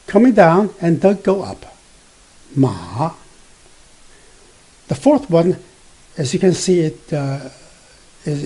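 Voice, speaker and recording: A man gives a beginner language lesson at an unhurried pace. His voice is mellow and a little husky, with plenty of fillers and restarts as he spells out letters. He draws out each sounded tone with care. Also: on the high side. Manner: slow, careful explanation with frequent fillers and self-corrections; drawn-out demonstration of tones and spelled-out letters. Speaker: Mandarin teacher.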